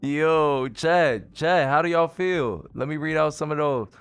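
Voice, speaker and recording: A man's voice: on the high side, a little slow, fairly bright tone, smooth, no room sound, soft background music. A man hosting a casual gaming talk show, laid-back and slangy, reading out viewer comments. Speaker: host.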